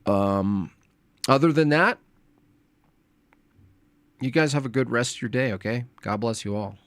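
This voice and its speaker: A hoarse, coughing man rambling casually. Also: medium pitch, measured pace, fairly bright tone, no echo. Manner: rambling, hesitant, tired. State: coughing, losing his voice. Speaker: livestream host. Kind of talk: casual livestream chat.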